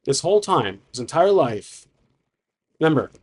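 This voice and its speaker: A man's voice: a little high, sing-song, moderate pace, breathy edge. A man narrating his solo tabletop game, thinking aloud with frequent restarts. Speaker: solo game master and player.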